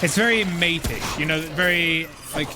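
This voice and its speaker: Rambling English man with a slightly high voice. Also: normal speed, noisy background. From southern England. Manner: rambling, hesitant, lots of restarts and self-corrections. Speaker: gaming streamer. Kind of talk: casual chat while playing a game.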